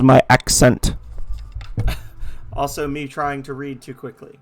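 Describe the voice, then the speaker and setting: Over faint music, a gameplay host voices all the game's dialogue in assorted playful characters, poking fun at his own delivery. He has a medium pitch, a steady tone and a moderate pace.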